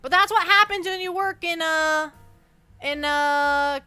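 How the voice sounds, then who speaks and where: A woman's voice: very high-pitched, a little slow, bright, forceful tone, faint music behind. A young adult woman streaming as a VTuber, chatting casually and playfully with her viewers and often repeating herself. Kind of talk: casual livestream chat.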